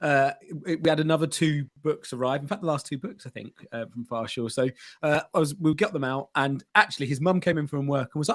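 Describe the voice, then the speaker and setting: A man's voice: a little high, brisk. A man co-hosting a podcast, telling a story in casual chat with many restarts. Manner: rambling, self-interrupting storyteller. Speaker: podcast co-host.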